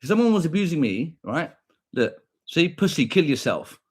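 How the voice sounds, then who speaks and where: A man's voice: a little high, very animated, moderate pace, breathy edge. A young British man with a combative, profane manner, ranting back at viewers on a stream and repeating his points.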